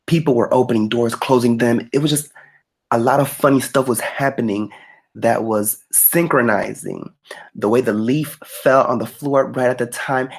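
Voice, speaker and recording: Male co-host, gravelly voice, casual and profane storyteller. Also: mid-range voice. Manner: animated, profane, emphatic retelling.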